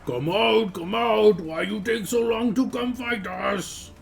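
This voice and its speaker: A man voicing a brutish male giant who shouts crude taunts at his foes in a tabletop game. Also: sits high, takes it slowly, vocal fry, slight background noise, voice pushed up, full character voice. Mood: taunting.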